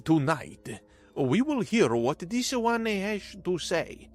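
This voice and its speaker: A man doing a cold, slow alien chief. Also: high-pitched, pitched above the performer's own voice, exaggerated voice. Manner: flat, slow and unreadable. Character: impassive male alien leader, cold and final.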